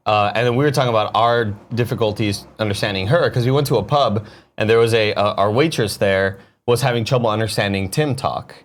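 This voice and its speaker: A man talking casually on a morning show, animated and drifting into borrowed accents. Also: on the low side, brisk. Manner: animated, slips into put-on British accents. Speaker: show regular back from a trip. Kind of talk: casual chat. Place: studio.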